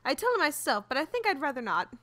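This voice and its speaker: A woman's voice: high-pitched, very animated, fast, bright, forceful tone, voice pushed up, full character voice. A woman voicing a fussy, pompous British townsman with a put-on British accent, reading his lines aloud while she plays a video game. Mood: dry. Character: fussy British townsman Max, office clerk.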